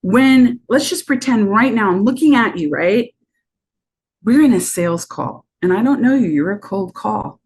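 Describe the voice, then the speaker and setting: A woman business coach on a podcast, talking in a lively way and acting out bits of sales talk. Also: medium pitch, normal speed, slightly rough. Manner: animated, acts out sales talk.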